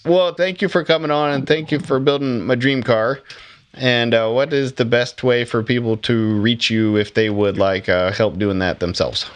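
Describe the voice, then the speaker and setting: A male podcast host in casual chat, dropping quick jokey asides and thanking his guest. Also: medium pitch, steady tone, dry recording.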